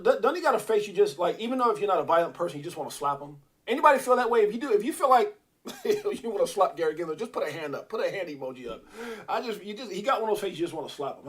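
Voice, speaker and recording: A man hosting a crypto livestream, ranting casually and animatedly, drifting off on tangents and answering his chat. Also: sits high. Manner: animated, digressive, talks back to the chat.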